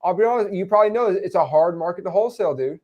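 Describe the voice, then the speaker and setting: A man hosts a live question session, his high-sitting voice racing along with lively intonation. The recording is muffled over a noisy crowd, and he gives laid-back coaching advice, calling listeners "man" and "dude."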